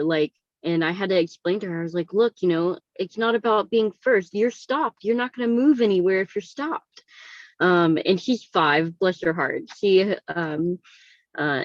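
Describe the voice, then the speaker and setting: A woman's voice: deep voice, dry recording, lo-fi sound. A woman co-author sharing her story on a video call, hesitant with many fillers and holding back tears. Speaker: book co-author.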